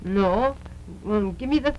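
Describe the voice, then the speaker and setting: A woman's voice: medium pitch, takes it slowly, background noise. A woman hosting a 1950s live TV puppet show, chatting in an easygoing, friendly, amused way. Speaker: host. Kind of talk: casual chat with puppets. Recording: dull lo-fi 1950s TV recording.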